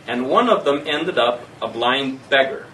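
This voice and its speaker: A man's voice: mid-range voice, lively intonation, unhurried, bright, forceful tone, distant mic, a little hiss or hum, poor audio. A man leading a group discussion, prompting and explaining. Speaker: discussion leader.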